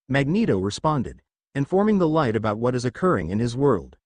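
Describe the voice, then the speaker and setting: A man's voice: medium pitch, very animated, a little fast, a little mellow, no room sound. A man narrating a fan fiction story in plain storytelling manner.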